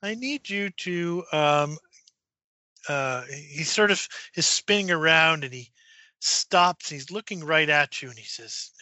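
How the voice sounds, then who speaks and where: A man running a tabletop horror game as game master, narrating with halting fillers and dropping to a whisper for eerie moments. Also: fairly high pitch, animated, sharp tone, no room sound, highs cut off. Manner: halting, many fillers, drops to a whisper for spooky parts.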